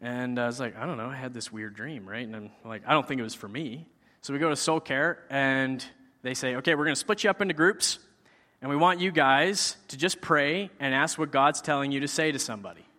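Speaking briskly in a bright, forceful mid-range voice, a man tells his faith testimony like a conversation. He performs his own quoted words, and long hall reverb fills the recording.

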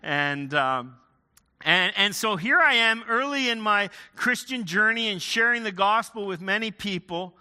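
A man from Ontario preaches with a high, very bright tone. He speaks in a loose, storytelling way, restarting phrases as he goes. His voice carries a long reverb, as if it were picked up in a large hall. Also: expressive, measured pace, clear, resonant tone. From Ontario, Canada. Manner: conversational, with frequent restarts. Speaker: pastor. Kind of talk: sermon with personal storytelling.

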